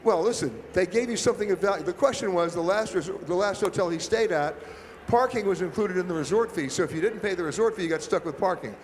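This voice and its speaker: High-voiced man telling wry stories. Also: quick pace. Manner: wry, anecdotal, punchy delivery. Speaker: travel expert panelist. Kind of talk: storytelling panel talk. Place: large expo hall. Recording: echoey expo hall with faint noise.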